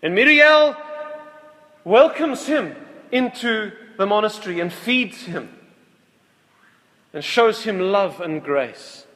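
A man preaching with a high voice, slow and earnest, often doubling back to restart a phrase. His words carry a long hall reverb, as if spoken in a big church. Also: expressive, pushed and bright. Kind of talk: sermon.

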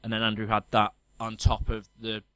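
A man, co-hosting a podcast and telling stories in a lively, laughing way. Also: fairly low pitch, normal speed, clear, resonant tone, no echo. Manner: animated storyteller, laughs often. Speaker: podcast co-host. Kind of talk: casual chat.

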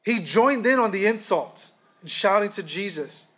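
Guy preaching, pretty high voice, slow dramatic pauses, kinda dull lo-fi sound. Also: expressive, fairly bright tone, breathy edge. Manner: dramatic pauses, addresses listeners as guys. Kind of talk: sermon.

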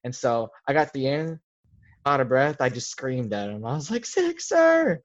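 A man's voice: medium pitch, moderate pace, highs cut off. A young man, a podcast guest, telling a casual story in a rambling way, full of filler words. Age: young adult.

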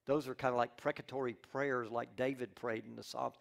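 Gravelly male pastor, animated sermon. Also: mid-range voice, brisk, few pauses. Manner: animated storytelling, acts out characters' lines; restarts and repeats words often.

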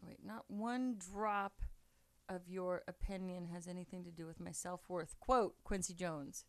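A woman co-hosting a podcast in casual chat, playful and quick to jump from one topic to the next. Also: fairly low pitch, fairly even intonation. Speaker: podcast co-host.

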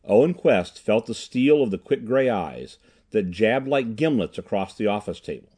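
Guy reading an old sci-fi audiobook, measured, lively pitch. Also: slightly rough. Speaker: audiobook narrator. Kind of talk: scripted narration.

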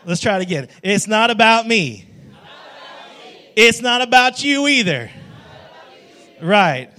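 A worship pastor, a man, preaching a jokey, conversational sermon and often checking in with "right?". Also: high voice. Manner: conversational, keeps asking "right?"; jokey, calls on the congregation.

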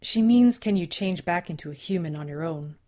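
A woman's voice: lowish voice, animated, brisk, mellow. A woman voicing a friendly, teasing young male coyote shapeshifter in an audiobook, cheerful and reassuring.

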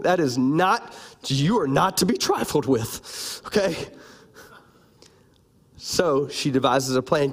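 Male pastor, sermon delivery, animated and teasing with the room, voice a touch high. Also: slow pace. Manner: animated, playful, calls out to the congregation.

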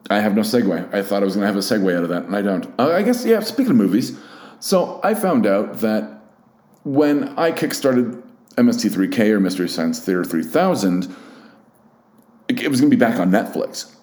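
A man's voice: lowish voice, very animated, a little fast, darkish tone. Rambling, profane man. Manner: rambling, profane, self-deprecating. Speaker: podcast host. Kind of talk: casual solo chat. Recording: roomy echo.

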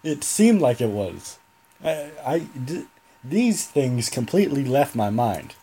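A young man hosts a solo podcast in a loose, rambling way, stopping to correct himself as he goes. His voice is mellow and a little husky. The pitch sits in the middle range for a man. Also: very animated, takes it slowly. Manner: rambling, self-correcting, chatty. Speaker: podcast host. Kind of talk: casual solo podcast talk.

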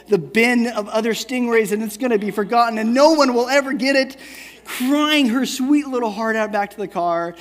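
A man in his thirties preaching a sermon in a casual, conversational way, often checking in with "right?" and telling a family story. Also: sits high. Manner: conversational, keeps asking "right?". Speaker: pastor. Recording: long hall reverb.

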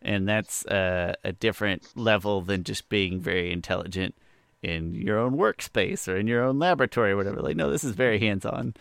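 A man's voice: fairly low pitch, fairly quick, vocal fry, a bit bright, clear, resonant tone, no echo. A man co-hosting a podcast in casual chat, dropping dry joking asides and movie quotes. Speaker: podcast co-host.

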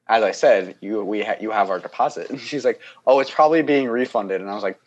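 A young man with a fairly low voice tells a long, winding story in casual conversation. He keeps restarting sentences and slips into quick impressions of the people involved. He laughs often along the way. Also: dull audio, slight background noise. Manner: rambling, animated, acts out the people he quotes, laughs often. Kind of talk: casual chat.

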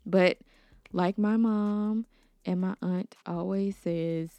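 A woman's voice: on the low side, level tone, drawn-out words, long pauses, a little mellow, smooth, no room sound, soft background music. A young woman hosting her own podcast, talking earnestly and outspokenly, sometimes stumbling over names. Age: young adult. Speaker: podcast host. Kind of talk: casual solo podcast commentary.

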